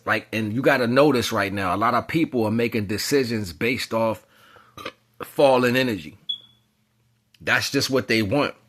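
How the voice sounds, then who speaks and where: A man giving a casual spiritual monologue, talking in loose slang and rambling off into animated storytelling. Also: mid-range voice, a little hiss or hum. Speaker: spiritual commentator.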